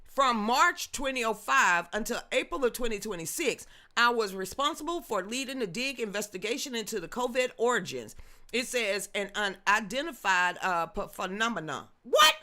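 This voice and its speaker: A woman's voice: fairly high pitch, animated, moderate pace, bright, forceful tone. A woman in her fifties hosting a news commentary livestream, reading chat and ranting emphatically in a rambling way.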